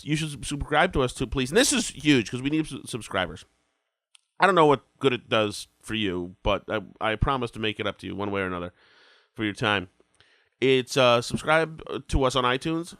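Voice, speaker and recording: A man's voice: mid-range voice, lively intonation, brisk, fairly bright tone, no room sound. A man in his forties hosting a casual podcast, rambling and self-deprecating, with a head cold that makes him sound congested. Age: 40s. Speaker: podcast host.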